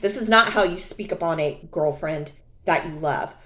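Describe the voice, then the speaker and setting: A young adult woman telling a personal story in a casual vlog, sassy and animated, often mocking others. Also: on the low side, moderate pace. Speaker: vlogger.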